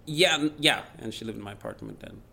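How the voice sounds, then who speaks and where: Recorded with a little hiss or hum, a man with a mid-range, gravelly voice speaks fast. He's a radio presenter and podcast guest whose first language is Swedish, and he tells stories animatedly in a casual interview chat, acting out quotes as he goes.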